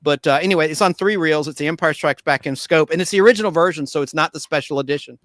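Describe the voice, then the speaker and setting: A man in his forties, a podcast host, telling movie memories in casual chat, animated and acting out the people in his stories. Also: fast talker, dry recording. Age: 40s. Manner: animated storyteller, acts out quotes in squeaky voices.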